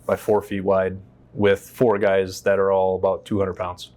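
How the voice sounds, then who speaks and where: A man from the United States tells his story as an interview guest, speaking in a fairly low voice. His telling is animated and profane, and he acts out the lines of the people he quotes. He is seated on a stage inside a shop. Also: unhurried.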